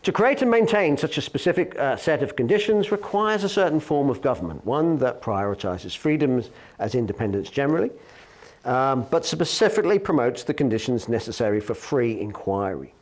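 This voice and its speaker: A man, an academic lecturer, giving a philosophy lecture in a measured, explanatory way, often pausing on fillers and correcting himself mid-sentence. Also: medium pitch, expressive.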